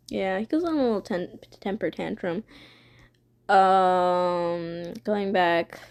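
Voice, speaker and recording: A young woman streamer casually retelling her own fan story, rambling, swearing freely and giggling. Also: fairly low pitch.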